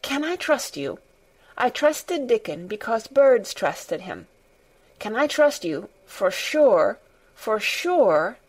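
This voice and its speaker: A woman's voice: mid-range voice, expressive, measured pace. Woman reading as a frank, sour-tempered little girl. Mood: eager. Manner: frank, earnest, snappish.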